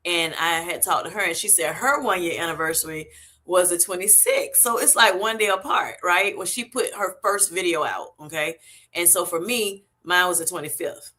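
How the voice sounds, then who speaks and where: A bright, forceful woman's voice, hosting a live stream in a loose, chatty way. She is middle-aged and effusive, and she keeps pouring out thanks to her viewers. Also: on the low side, moderate pace. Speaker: livestream host. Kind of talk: casual live-stream chat.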